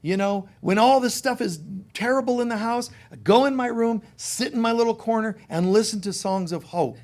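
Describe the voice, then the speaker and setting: High-voiced man giving an animated talk. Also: normal speed. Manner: animated storytelling, acting out quoted voices. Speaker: spiritual teacher. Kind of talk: conversational sermon.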